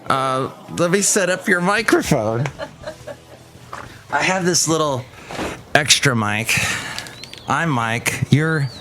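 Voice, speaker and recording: A man's voice: a little high, animated, takes it slowly, long pauses. Man, podcast host, casual chat, goofy, rambling, faint background hiss.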